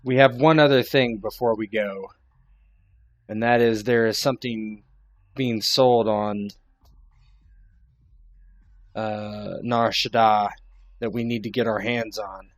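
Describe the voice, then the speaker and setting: A man doing a confident male negotiator who speaks loud and firm. His low voice stays level and flat. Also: slow, pauses often.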